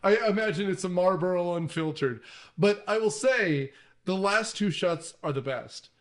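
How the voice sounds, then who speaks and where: A man's voice: high voice, normal speed. Enthusiastic man hosting a movie podcast. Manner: enthusiastic, rambling with fillers. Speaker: podcast host. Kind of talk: casual movie podcast chat.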